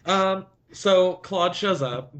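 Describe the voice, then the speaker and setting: A man's voice: high voice, slow, a bit bright. A man co-hosting a podcast, joking around playfully with crude humor in casual chat. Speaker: podcast co-host.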